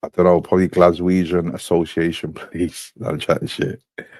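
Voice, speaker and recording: A man's voice: deep voice, level tone, brisk, darkish tone, dry recording. A man chatting casually, curious and asking question after question. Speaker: podcast co-host. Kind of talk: casual banter.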